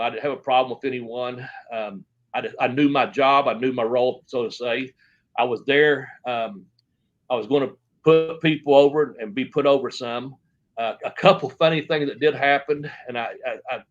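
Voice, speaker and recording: In a lo-fi recording, a middle-aged interview guest with a mid-range voice rambles through profane wrestling stories. He keeps restarting and acts out quoted exchanges as he tells them casually.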